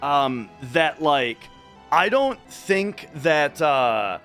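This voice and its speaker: A man's voice: fairly high pitch, big pitch swings, very slow, a bit bright, soft background music. A man from Minnesota with a light Minnesotan accent, chatting casually on a speedrun stream and restarting his sentences often. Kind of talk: casual livestream chat.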